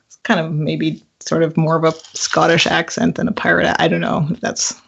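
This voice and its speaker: A woman's voice: low-pitched, monotone, moderate pace, gravelly, a bit bright, slightly rough. A woman co-hosting a casual group livestream, hesitant and giggly. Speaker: co-host. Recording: lo-fi voice call audio.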